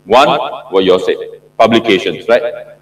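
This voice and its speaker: A man's voice: on the low side, moderate pace, far from the mic. A middle-aged man from Singapore giving an interactive classroom lecture as a professor, often asking the audience questions and repeating himself for emphasis. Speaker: professor lecturing on PhD supervision. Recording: roomy lecture hall echo.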